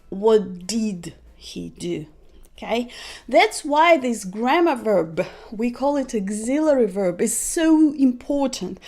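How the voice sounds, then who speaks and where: A woman's voice: sits high, darkish tone. A woman teaching grammar on a podcast, explaining step by step and often checking in with "okay?" and "yeah?". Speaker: English teacher.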